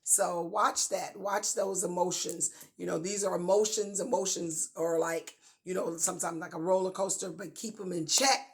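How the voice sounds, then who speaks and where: A woman's voice: on the low side, fairly even intonation, normal speed, hardly any pauses. A woman co-hosting a casual relationship talk, chatty and affirming as she shares marriage tips. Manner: affirming, chatty, laughs easily. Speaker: co-host giving marriage advice.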